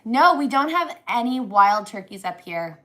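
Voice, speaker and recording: A woman from northern Canada co-hosting a casual homestead live stream, animated and laughing often with big swings in pitch. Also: unhurried. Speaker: co-host, homesteader wife.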